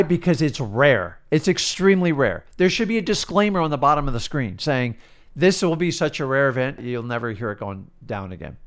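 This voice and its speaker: Worked-up man coaching, higher voice. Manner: emphatic, worked up, swings between loud bursts and quiet asides. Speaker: real estate coach. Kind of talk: energetic coaching rant.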